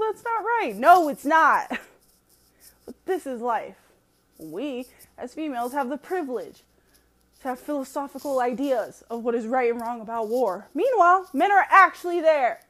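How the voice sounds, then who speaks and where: A woman delivering a casual opinion monologue in a high, bright-pitched voice. Her pitch swings widely as she punches words with emphasis and frequent swearing. She breaks into short laughs between points. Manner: profane, emphatic, laughs often. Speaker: commentator.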